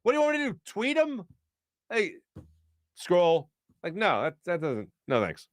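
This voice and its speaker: Lively high-voiced male sports talk host. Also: a little slow, no echo, studio quality. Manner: animated, joking, laughs often, fired-up opinions. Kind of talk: casual sports talk show, reading viewer comments. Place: studio.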